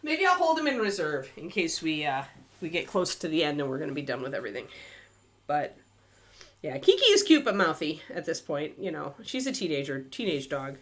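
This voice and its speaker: A chatty woman with a low but lively, swooping voice hosts a livestream while painting miniatures. She thinks aloud, drifts between topics, talks to her dog and fills pauses with plenty of ums and uhs.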